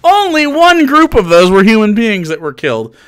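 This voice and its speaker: A man's voice: sits high, sing-song, normal speed, a bit bright, smooth. A man streaming live and commenting casually, chatty and mocking, often laughing and restarting his sentences.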